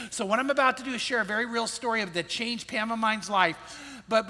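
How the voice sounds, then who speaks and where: A middle-aged pastor shares a personal story earnestly and reflectively, often lowering his voice to a soft hush during the sad moments. The recording has a big-room sound.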